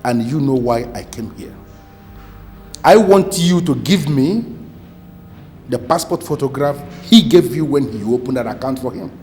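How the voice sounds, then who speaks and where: An actor playing a stern Nigerian police officer. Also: male voice, mid-range voice, a little fast, few pauses, a little mellow, soft background music, close to an everyday voice. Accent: Nigerian English. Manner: stern, formal, threatening. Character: stern male police officer questioning witnesses.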